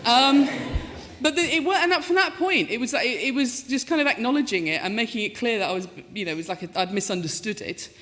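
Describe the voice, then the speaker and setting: Woman in her fifties, professor telling comic stories on stage in a big reverberant hall, animated and self-mocking. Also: fairly high pitch, fast talker. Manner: lively, self-mocking, acts out quoted voices. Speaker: professor giving a talk. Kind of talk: storytelling talk with comic asides. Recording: lecture hall with long reverb.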